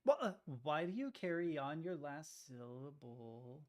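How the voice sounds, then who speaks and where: A man's voice: a little high, measured pace, few pauses. A man streaming, chatting casually and reacting to videos, rambling and swearing as he goes. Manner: profane, rambling, animated.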